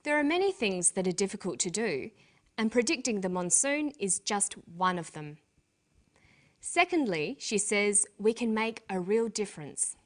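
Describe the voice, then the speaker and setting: A woman presenting a scripted English lesson, explaining grammar clearly and deliberately, slowing down for example words. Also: mid-range voice, expressive.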